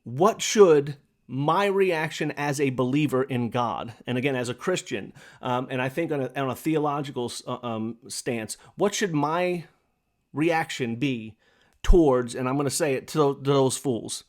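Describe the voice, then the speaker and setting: A man's voice: medium pitch, a little slow. A man hosting a podcast, delivering an impassioned, preachy monologue with lots of repetition while smoking a pipe. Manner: smokes a pipe while talking. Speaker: podcast host. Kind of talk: opinionated monologue.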